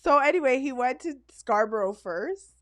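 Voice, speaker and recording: A woman co-host chatting loosely on a podcast, her voice sitting a little high. She tells stories with animation and breaks into laughter easily. The sound is dry and close. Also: normal speed, dry recording. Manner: playful, laughs often, animated storytelling. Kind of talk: casual chat.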